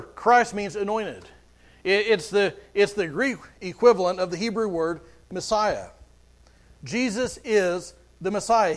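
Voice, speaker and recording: A man preaching a sermon as pastor, earnest, often repeating words as he goes. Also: high-pitched.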